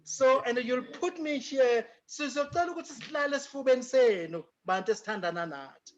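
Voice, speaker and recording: A man's voice: very high-pitched, expressive, quick pace, lo-fi sound. A South African man giving an emphatic lecture answer, mixing in Zulu phrases as he speaks. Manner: emphatic, mixes in Zulu phrases, laughs often. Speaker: guest speaker.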